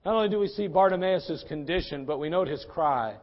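A male pastor preaching an impassioned sermon in a church, swinging between loud and soft. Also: on the high side, a little fast, lo-fi sound.

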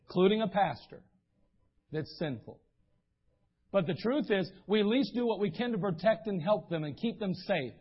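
A man's voice: sits high, lively intonation, moderate pace, husky, highs cut off. A man preaching a sermon as pastor, telling stories in a folksy way and acting out the voices of people he quotes. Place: church sanctuary.

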